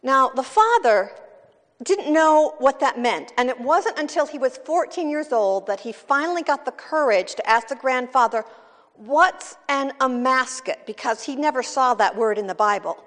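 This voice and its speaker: A woman's voice: high voice, animated, normal speed, fairly bright tone, in a large hall. A woman from California preaching a sermon in a conversational, wry teaching manner. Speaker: pastor.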